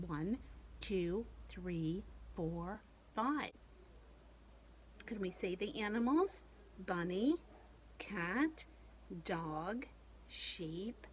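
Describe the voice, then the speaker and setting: A woman leading a children's storytime as a librarian, reading a picture book aloud in an animated, coaxing sing-song way and singing simple songs. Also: mid-range voice, takes it slowly, a little hiss or hum, rough recording.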